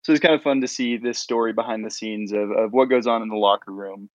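A man's voice: lowish voice, fairly even intonation, fast, no room sound. A man from the Sacramento area in casual podcast chat, offering hedged opinions on a dull lo-fi mic. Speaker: podcast panelist.

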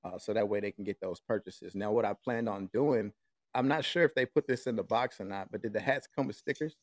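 An American man, hosting a podcast remotely, talks in a lowish voice at a slightly fast clip. His style is laid-back and slangy, packed with fillers, in casual podcast chat. The studio-quality audio has no room sound and comes through a remote call with a mixer.

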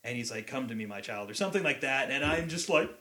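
A man in casual chat, retelling a film with loud acted-out quotes and a lot of swearing. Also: mid-range voice, fast. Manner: animated storyteller, acts out quotes loudly, swears a lot.

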